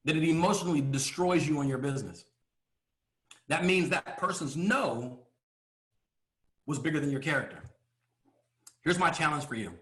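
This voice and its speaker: A man giving a motivational speech to a live audience from a stage, emphatic and full of rhetorical questions and pauses. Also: on the high side, fairly bright tone, reverberant. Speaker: motivational speaker.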